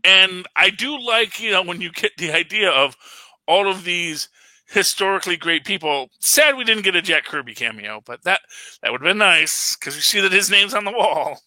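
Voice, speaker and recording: A man's voice: high voice, expressive, moderate pace, bright, forceful tone, no room sound. A man hosting a casual podcast chat, rambling enthusiastically with frequent fillers and laughs. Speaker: podcast host reviewing a film.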